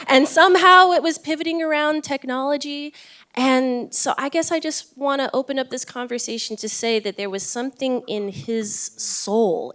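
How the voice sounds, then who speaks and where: A woman neuroscientist on a live event panel, telling a personal story in an earnest, thoughtful way with frequent restarts and fillers. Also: medium pitch. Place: event stage.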